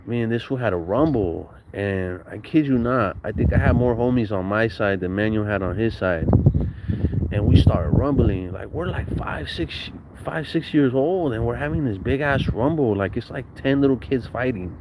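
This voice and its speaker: A man's voice: medium pitch, lively intonation, moderate pace. Profane young man telling stories, noisy recording. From Southern California. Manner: profane, slangy storytelling. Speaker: vlogger. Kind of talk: casual storytelling.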